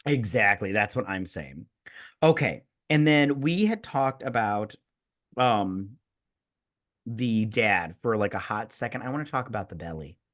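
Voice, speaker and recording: A man's voice: fairly low pitch, measured pace. Profane tipsy man ranting about a movie. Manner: profane, animated, acts out quoted film scenes. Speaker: podcast co-host. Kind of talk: casual chat.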